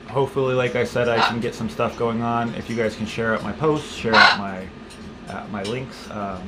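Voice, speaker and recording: A man in his thirties from the United States records a rambling vlog update on a gimbal-mounted handheld camera while walking around his home, restarting often and talking to his pet. His pitch is medium, and the audio is very noisy.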